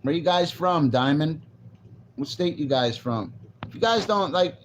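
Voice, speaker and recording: A man's voice: fairly high pitch, expressive, unhurried, a little hiss or hum. A man talking casually on a live stream, rambling loosely and answering viewers' comments. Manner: rambling, loose, restarts and reads chat aloud. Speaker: livestreamer.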